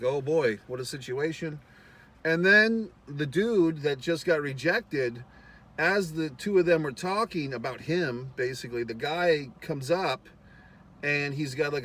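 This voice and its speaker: A man's voice: medium pitch, fairly bright tone. Rambling, profane man recapping a movie. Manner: rambling and profane, with many fillers; acts out characters' lines in quick voices. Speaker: film reviewer. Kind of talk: casual spoken movie recap.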